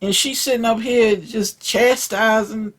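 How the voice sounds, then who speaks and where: A man's voice: high-pitched, steady tone, a little slow, a bit bright. A man telling a profane, rambling story from his school days in a casual rant, often repeating words. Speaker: vlog host.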